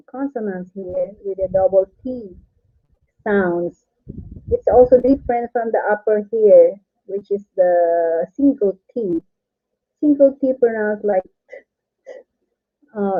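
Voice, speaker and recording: A woman teaching on a live stream, patiently repeating each syllable several times. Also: mid-range voice. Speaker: language teacher. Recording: tinny phone-like audio.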